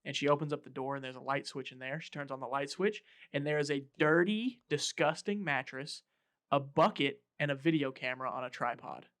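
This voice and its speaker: Speaking at a medium pitch and a brisk pace, a man hosts a casual podcast chat. He animatedly retells a film scene by scene, acting out the quotes as he goes.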